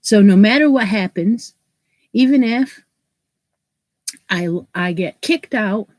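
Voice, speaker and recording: A woman's voice: mid-range voice, expressive, slow, darkish tone, dry recording. A woman hosting a crochet live stream, chatting casually and greeting viewers by name, her nose stuffed up from allergies. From New York State, US. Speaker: crochet channel host.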